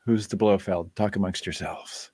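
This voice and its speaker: A man's voice: low voice, steady tone, moderate pace, dark tone, husky, no echo. A man hosting a live-stream Q&A in casual chat, rambling through asides and laughing often. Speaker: band member hosting a live Q&A.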